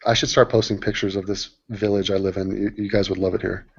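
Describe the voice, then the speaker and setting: A man hosting a casual group video call, talking in an animated, profane, rambling way. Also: sits low, quick pace, vocal fry, breathy edge. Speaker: host. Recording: dull lo-fi call audio.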